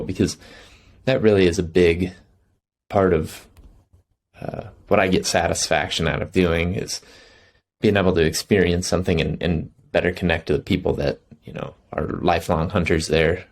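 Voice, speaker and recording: Very deep, gravelly-voiced male hunter. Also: normal speed. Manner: earnest, reflective, laughs easily. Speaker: guest, hunter. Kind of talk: casual conversation.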